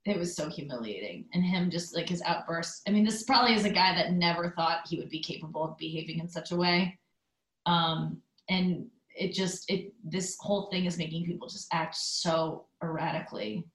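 A woman's voice: lowish voice, fairly bright tone, roomy sound, low-quality recording. A woman hosting a podcast, telling a rambling story in casual chat with lots of fillers and asides. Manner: chatty storytelling, loose fillers, quick asides. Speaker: podcast host. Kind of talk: casual monologue.

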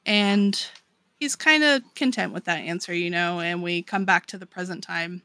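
Bright-voiced casual woman podcaster. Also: on the low side, normal speed, no room sound. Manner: casual, swears freely, frequent "like" and "um". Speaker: podcast co-host. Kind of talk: casual chat recapping a manga chapter.

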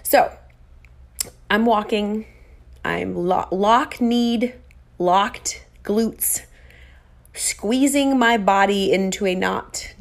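A woman's voice: mid-range voice, slow. A young adult woman telling a story casually to viewers in a self-mocking way, acting out her own quoted lines. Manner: animated, self-mocking, acts out quoted dialogue.

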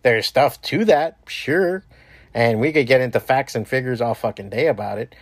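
A man's voice: medium pitch, moderate pace, no room sound, studio quality. Rambling, foul-mouthed man hosting a podcast. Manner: profane, rambling, lots of restarts and fillers. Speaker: podcast host. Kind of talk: casual rambling monologue.

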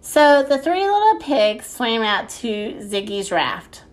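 A woman reads a children's story aloud, unhurried and expressive. Her voice sits fairly high and moves lively up and down. She takes her time over every line.

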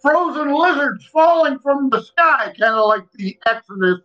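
A man's voice: very high-pitched, lively intonation, moderate pace, muffled recording. A man co-hosting a podcast, easygoing and jokey, chatting casually. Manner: easygoing, jokey, laughs a lot. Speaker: podcast co-host. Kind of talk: casual chat.

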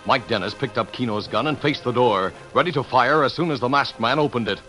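A man's voice: mid-range voice, a little fast, pushed and bright, faint music behind. A male announcer narrating a 1940s radio drama in a dramatic voice. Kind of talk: scripted narration.

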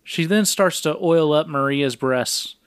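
A man co-hosting a casual podcast, recounting film scenes in a flat, matter-of-fact play-by-play. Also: fairly high pitch, unhurried, smooth, no room sound, clean studio sound. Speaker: podcast co-host.

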